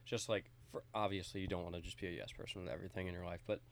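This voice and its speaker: A young college man with a very deep voice who talks in a relaxed, meandering way, leaning on fillers. He drops blunt jokes into casual chat with friends. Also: racing, vocal fry. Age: young adult. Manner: laid-back, filler-heavy, blunt jokes. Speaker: podcast co-host, college student.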